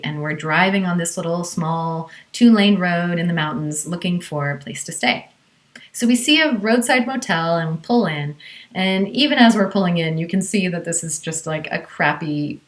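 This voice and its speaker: A woman's voice: lowish voice, fairly bright tone. Chatty woman telling a personal story. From Southern California. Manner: conversational, with many fillers.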